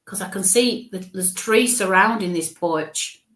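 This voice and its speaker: A woman's voice: mid-range voice, a little slow, a bit bright, echoey room. A woman giving a live mediumship reading as a psychic medium, thinking aloud with frequent halts and restarts.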